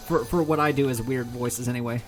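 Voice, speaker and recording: A man's voice: medium pitch, fairly even intonation, a little fast, low-quality recording. Male gaming streamer, mid-range voice, rambling self-mocking chat, faint music behind. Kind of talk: casual chat while gaming.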